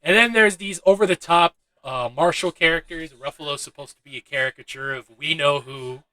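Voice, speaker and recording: Young guy rambling through a movie review, bright tense voice, kinda high, curses a lot. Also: brisk, rough recording. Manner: loose and chatty, swears freely, laughs at his own asides. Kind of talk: casual spoken film review.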